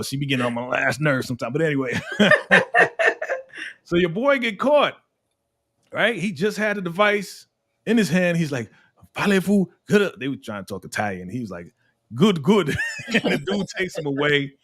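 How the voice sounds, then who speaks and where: Animated man hosting a casual recap. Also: normal speed. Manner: animated, laughing often, swinging between high and low voice. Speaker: host of a TV recap show. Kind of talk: casual episode review chat.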